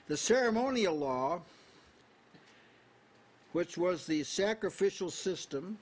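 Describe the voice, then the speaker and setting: A man preaching an expository sermon at a small house church, measured and repetitive, slowing on key words. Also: on the high side. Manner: measured, repeats phrases, slows on key words.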